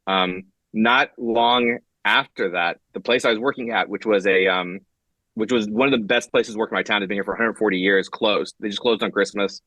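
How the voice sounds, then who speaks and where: A guest comic writer being interviewed speaks fairly quickly, his pitch fairly low and the audio free of echo. He tells his stories casually and with energy, acting out quotes amid plenty of fillers and restarts.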